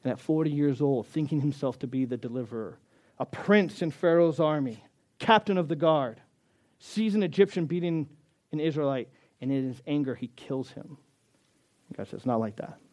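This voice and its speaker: A middle-aged man preaching a sermon, acting out the scripture and the quotes with lively shifts of voice. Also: on the high side, moderate pace. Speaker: pastor.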